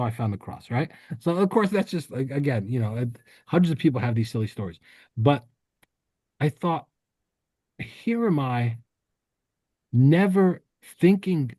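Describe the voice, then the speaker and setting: A man co-hosting a podcast, telling a rambling story in casual chat with many restarts and quick laughs. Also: a little high, dark tone, no room sound. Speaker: podcast co-host.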